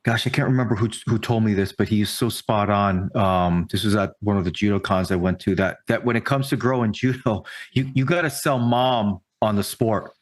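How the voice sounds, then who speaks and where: A man's voice: on the low side, moderate pace, few pauses. A man, a podcast guest, speaking thoughtfully with hesitant, stammering restarts. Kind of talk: casual podcast chat.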